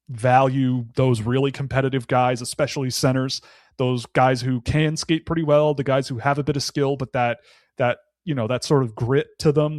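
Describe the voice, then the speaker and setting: A man's voice: mid-range voice, darkish tone, dry recording, clean studio sound. A man speaking as a guest analyst on a podcast. He talks casually, thinks aloud, and restarts his sentences often.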